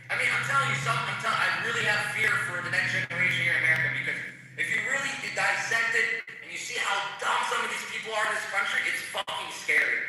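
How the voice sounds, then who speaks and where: A man with a high, bright voice rants fast and bluntly, swearing freely. He is recorded far from the mic in a big echoey room with a faint hiss. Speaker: podcast panelist. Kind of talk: casual political chat.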